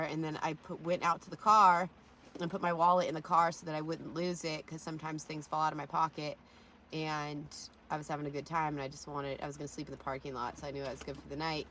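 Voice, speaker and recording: Profane, animated woman telling wild stories. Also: low voice, a little hiss or hum. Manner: profane, animated storyteller with sudden loud bursts. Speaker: vlogger. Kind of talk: casual rambling storytelling.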